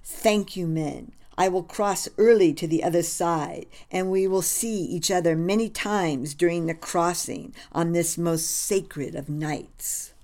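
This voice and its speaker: A solemn male general addresses his troops in a grave, earnest tone, as a woman reads him out. The voice sits low and unhurried, each phrase weighed out slowly like a storybook reading. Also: a little mellow.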